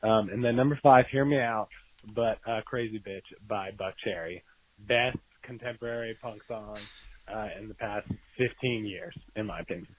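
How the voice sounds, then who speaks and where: A man's voice: lowish voice, moderate pace, a little hiss or hum. A man leaving a rambling casual voicemail for a podcast, going through his points one by one. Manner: rambling, lists points of business. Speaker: voicemail caller. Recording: dull lo-fi voicemail.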